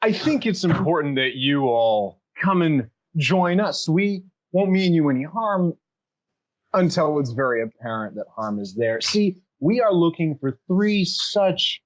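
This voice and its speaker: A swaggering male tiefling in fine clothes, smug and theatrical, as a man puts him on. The voice sits higher than plain talk and carries more punch. It has the showy confidence of a bar-room challenger. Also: very animated, a little slow, rough recording. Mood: cocky. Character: dashing, cocky male tiefling brawler.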